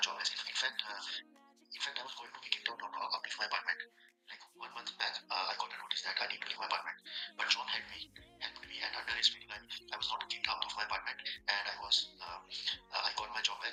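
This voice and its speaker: A man's voice: mid-range voice, bright, forceful tone, rough recording. A man with an Indian accent giving an earnest, rambling testimonial, full of restarts and hesitations. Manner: earnest, urging listeners. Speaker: coaching client giving a testimonial. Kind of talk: casual spoken testimonial.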